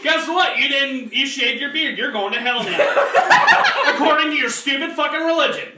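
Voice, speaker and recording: Loud, profane, very high-voiced ranting man. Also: sing-song, normal speed, far from the mic, very noisy. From Midwest US. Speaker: podcast co-host. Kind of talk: crude comedic rant. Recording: roomy sound, a bit off-mic.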